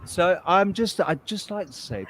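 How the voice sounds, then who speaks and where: A man's voice: sits high, expressive, a little slow, a crowd in the background. A man hosting a casual live stream chat over a video call, jokey and teasing. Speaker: host.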